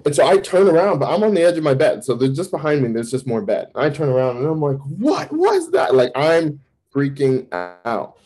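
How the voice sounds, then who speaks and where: A man, a campus minister, giving a candid personal testimony in an interview, telling it vividly with sudden jumps in pitch. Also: expressive, brisk, darkish tone, low-quality recording.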